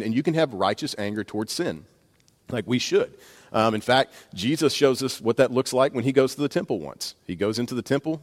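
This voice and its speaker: A man preaching a sermon, speaking conversationally with bursts of emphasis and asides. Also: mid-range voice. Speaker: pastor. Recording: long reverb of a large hall.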